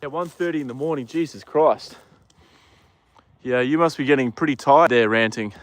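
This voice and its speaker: A relaxed man with an Australian accent talks casually into his phone outdoors in a paddock. He chats with viewers and speaks to the horses in a gentle, easygoing voice. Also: medium pitch, normal speed, no echo. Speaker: livestreamer. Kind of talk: casual livestream chat.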